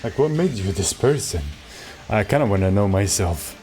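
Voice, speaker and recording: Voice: low-pitched, animated, moderate pace, dark tone, soft background music. A game streamer chatting casually and playfully, thanking viewers during a live stream.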